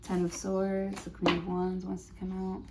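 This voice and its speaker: A woman's voice: fairly low pitch, completely flat delivery, normal speed, background noise. A woman giving a prerecorded tarot reading, thinking aloud with many fillers and restarts. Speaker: tarot reader.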